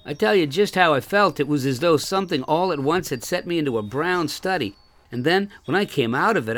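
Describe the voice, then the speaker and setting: Male narrator, very animated delivery, soft music underneath; period tale reading. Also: mid-range voice. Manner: expressive, old-fashioned storytelling. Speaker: storyteller. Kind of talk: first-person story reading.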